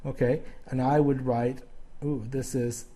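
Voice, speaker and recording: A man's voice: mid-range voice, little pitch movement, measured pace, mellow. Patient man teaching grammar. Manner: patient, explains step by step, frequent "okay?" checks. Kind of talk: grammar lesson video.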